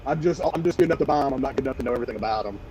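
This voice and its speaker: A middle-aged Southern man rambles and jokes on a video call about his breeding plans. Other voices chatter over him clearly. His pitch is in an ordinary middle range. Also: racing, low-quality recording. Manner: joking, rambling with fillers. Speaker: guest reptile breeder. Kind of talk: casual livestream chat.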